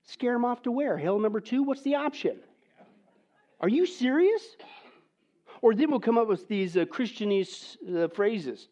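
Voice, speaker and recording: A man preaching a sermon, switching between hushed pleading and loud, incredulous questioning. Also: extremely high pitch, lively intonation, moderate pace.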